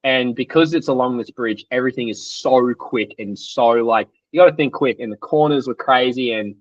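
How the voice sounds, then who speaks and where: A young Australian man, an athlete guest, telling race stories in an animated, slangy way and acting out what others said. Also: mid-range voice, moderate pace. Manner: animated, acts out quotes, loose and slangy. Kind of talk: casual storytelling interview. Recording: dry, slightly dull podcast audio.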